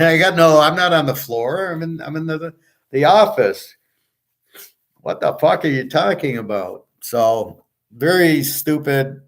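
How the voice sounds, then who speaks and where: A man from the United States hosting a casual monologue, blunt and profane as he rants. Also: medium pitch. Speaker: podcast host.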